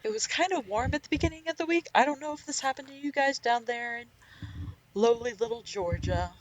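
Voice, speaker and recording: A woman's voice: fairly high pitch, fairly quick, crowd noise, low-quality recording. A woman co-hosting a podcast, chatting in a teasing, slangy way. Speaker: podcast co-host, dog groomer. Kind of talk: casual podcast chat.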